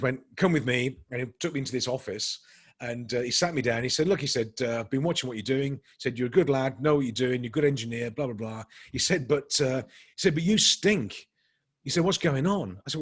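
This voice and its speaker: A middle-aged man telling a personal story to a workshop group, acting out the dialogue with lively energy. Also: medium pitch, slightly rough. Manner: animated anecdotal storytelling, acting out quoted dialogue with rising energy. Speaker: workshop speaker.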